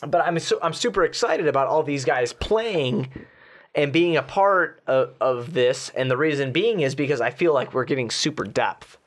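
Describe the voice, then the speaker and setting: Man, sports podcast co-host, excited and slangy, fairly high voice. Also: normal speed. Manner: excited, casual, loose and slangy. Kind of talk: casual sports podcast chat.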